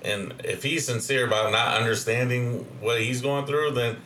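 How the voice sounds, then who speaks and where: A man's voice: mid-range voice, fairly even intonation, normal speed, pushed and bright, reverberant, slight background noise. A man in a casual discussion, speaking thoughtfully with frequent hesitations.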